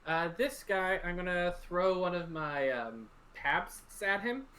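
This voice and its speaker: Bright, loud, exclamatory man. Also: high-pitched, expressive, a little slow, a little hiss or hum. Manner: loud, exclamatory, laughing outbursts. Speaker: player. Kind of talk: casual game chat.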